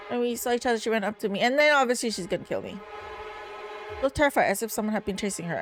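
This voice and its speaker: A woman's voice: a little high, very animated, fast talker, faint music behind. A woman playing a story game, reading the narration aloud and breaking off to curse and scold herself. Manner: exclaims at jump scares.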